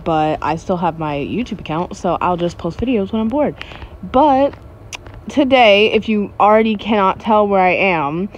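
A woman's voice: mid-range voice, lively intonation, normal speed, highs cut off, slight background noise. A woman YouTuber giving casual gameplay commentary, jumpy and giggly with frequent startled exclamations.

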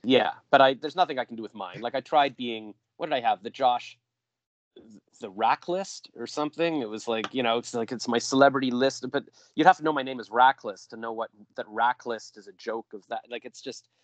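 A man's voice: mid-range voice, brisk, no echo. A man hosting a podcast in casual chat, rambling and jokey, often trailing off mid-thought. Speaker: podcast host.

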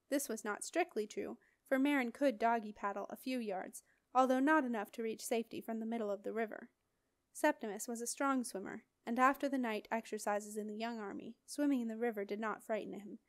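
A woman reading a fantasy novel aloud as an audiobook in an expressive, dramatic storytelling voice. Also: a little high, dry recording, clean studio sound. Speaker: audiobook reader. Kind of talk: audiobook narration.

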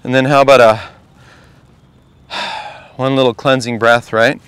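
A man's voice: medium pitch, little pitch movement, measured pace, a bit bright, clean tone, no room sound. A man coaching a group at a golf clinic, talking casually and asking the group question after question. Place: outdoor golf practice range.

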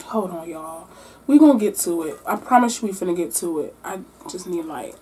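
A woman doing a mukbang-style book wrap-up, animated and exclamatory as she talks between bites. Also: on the low side, fairly quick, breathy edge. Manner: animated, exclamatory, talking while eating. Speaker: book vlogger.

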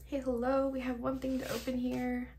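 A woman's voice: high voice, completely flat delivery, normal speed, warm tone, a little hiss or hum. A young woman with a nasal voice, chatting casually and gushing while she unboxes her mail, cursing freely and sounding short on sleep. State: sleep-deprived. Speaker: vlogger.

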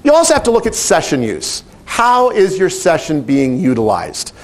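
A middle-aged man who directs animal training, telling a story in a lively, animated way and acting out the quotes. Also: on the high side, normal speed. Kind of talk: storytelling talk.

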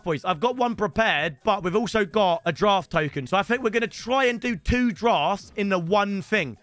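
A young man commentating excitedly on his own video game stream, shouting between calm stretches. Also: sits high, no echo. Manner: excitable, shouts and swings between hype and frustration.

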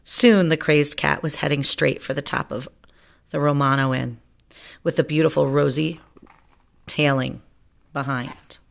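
A woman reading a funny children's picture book aloud in a playful, lively storyteller manner. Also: low-pitched, unhurried, creaky, long pauses.

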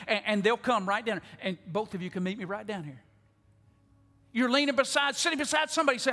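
A man preaching an altar call to a large church, pleading, repeating words, and swinging from loud appeals to hushed tones. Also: very high-pitched, expressive, quick pace. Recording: long church hall reverb.

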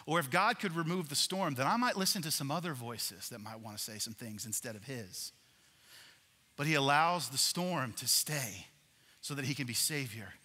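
A man preaching a sermon as a pastor, animated, swinging between loud emphasis and hushed passages. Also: medium pitch, husky, in a large hall.

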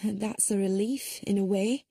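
Woman reading blunt stubborn older lady, emphatic, impatient, warm breathy voice, dry close sound. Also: mid-range voice, unhurried, no room sound. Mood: indignant.

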